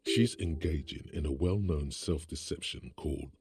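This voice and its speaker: A man's voice: very deep voice, normal speed, a little mellow, slightly rough, exaggerated voice. An actor playing a grave male inner voice narrating a detective's mind in a game, with dry, probing remarks. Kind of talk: game voice acting.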